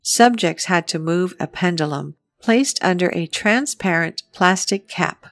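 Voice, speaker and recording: A woman reading a scripted documentary narration in an even, measured way. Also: on the low side, dry recording.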